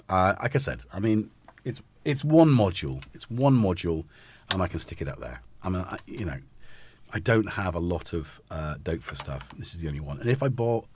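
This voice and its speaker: A man's voice: low voice, a little mellow, husky. A man hosting a casual live stream, talking in a rambling, self-interrupting way while he fits synth modules into a case. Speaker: host.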